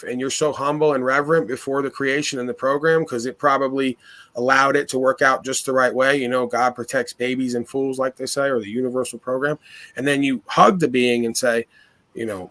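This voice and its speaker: A man at a middle pitch leads a casual philosophical podcast chat. He talks earnestly and probes with one rhetorical question after another. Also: fairly bright tone. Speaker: podcast host.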